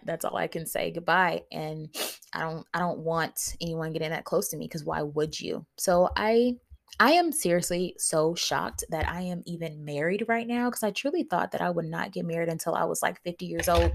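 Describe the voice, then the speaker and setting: A woman's voice: on the low side, normal speed, creaky. Candid, playful woman podcast host. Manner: candid, playful, talks straight to listeners. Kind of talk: casual solo podcast talk.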